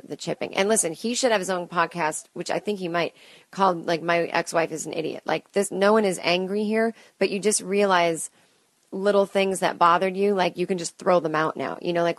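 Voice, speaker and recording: A woman in her late thirties, a comedian hosting a solo podcast, talks alone at home into a close studio mic in a dry recording. Her voice sits on the low side and is creaky, and her stream-of-consciousness chat rambles, full of self-deprecation and chatty asides.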